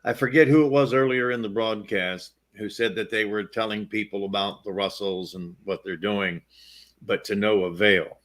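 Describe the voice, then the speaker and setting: Low-voiced man in the study group, reads aloud steadily, earnest. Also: fairly even intonation, normal speed, fairly bright tone. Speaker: class participant reading aloud. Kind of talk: reading a text aloud and commenting.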